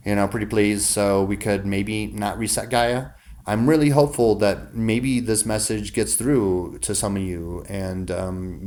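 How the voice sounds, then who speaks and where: A man rambling through a monologue for his viewers, swearing often and restarting his sentences with many fillers. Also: mid-range voice. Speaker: vlogger.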